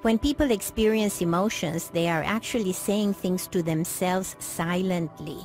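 A woman giving calm, explanatory scripted narration for a documentary. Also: lowish voice, normal speed, soft background music.

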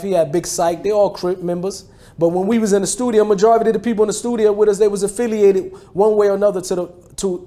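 High-voiced man telling his street story. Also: dark tone. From New Jersey, USA. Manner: casual street slang, frequent "you know what I mean" and restarts. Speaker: former rapper telling his life story. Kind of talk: personal storytelling talk.

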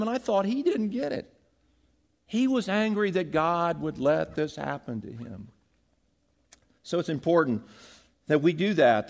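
A man preaching a sermon as pastor, animated, acting out quoted lines and leading the congregation in call-and-repeat. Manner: animated, acts out quotes with big pitch jumps, has congregation repeat lines.

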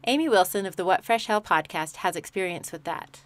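A woman's voice: fairly low pitch, a little fast. A woman hosting a parenting podcast, reading her scripted narration in an upbeat, chatty way with small laughs. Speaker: podcast host.

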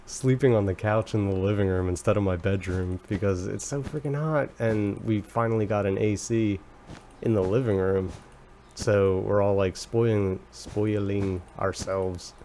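A young man casually commenting on a game he is playing, rambling and excitable, breaking into high squeals when startled. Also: slight background noise. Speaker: let's play commentator.

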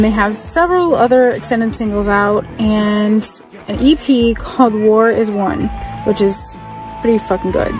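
A woman giving a scripted music review on a podcast, brisk and blunt with casual swearing. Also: on the high side, a little mellow, poor audio.

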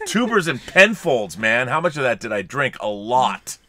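A man's voice: medium pitch, very animated, moderate pace, pushed and bright, no echo. A man co-hosting a casual film chat, joking around and reading viewer comments aloud. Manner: jokey, reads super chats aloud. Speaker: podcast co-host. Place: home studio with collectibles.

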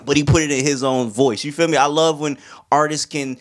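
Young male music reviewer, slightly high voice, relaxed and slangy. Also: brisk. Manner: laid-back, slangy, hums and sings along. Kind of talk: casual album review vlog.

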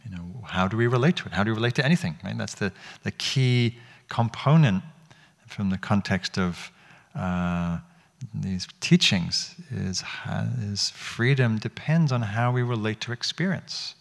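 A man's voice: lowish voice, animated, unhurried, gravelly. A man teaching meditation to an audience in a hall, speaking reflectively and asking them questions, often restarting his phrases. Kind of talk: dharma talk.

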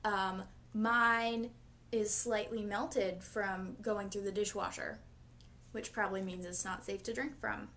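A young woman vlogging from her bedroom, with deadpan, self-mocking asides. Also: medium pitch, takes it slowly. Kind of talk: comedic solo vlog.

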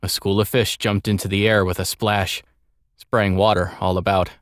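A man reading a story aloud as an audiobook narrator, in a measured, expressive way. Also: low-pitched, no room sound, clean studio sound. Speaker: audiobook reader.

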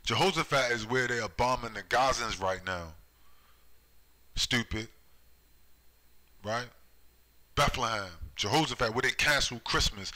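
Male preacher, fiery and repetitive, very bright edgy tone. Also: medium pitch, unhurried, pauses often, poor audio. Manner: heated, repetitive, rhetorical "right?" tags. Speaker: online preacher. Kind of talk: street-style scripture commentary.

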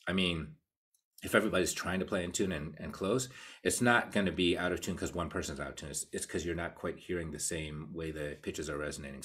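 A man with an American accent giving a casual live online cello lesson, explaining ideas and counting beats out loud. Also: very deep voice, breathy edge. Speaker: cello teacher. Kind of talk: live online masterclass talk.

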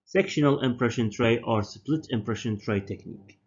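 A man, a native Arabic speaker, giving a university dental lecture slowly and deliberately, often repeating and correcting his terms. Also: mid-range voice. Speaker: dental professor. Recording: dull lo-fi lecture recording.

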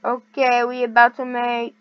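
A woman's voice: a little high, monotone, unhurried, a little hiss or hum. A woman hosting a gaming video in casual chat, playful and goofy, chanting and counting in a sing-song way. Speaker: gaming channel host. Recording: dull lo-fi recording.

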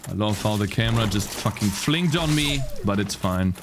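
A man's voice: on the low side, expressive, normal speed. A man streaming a video game in casual commentary, chatting to his viewers and swearing freely when frustrated. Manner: swears freely, easily frustrated, talks to chat. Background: game music.

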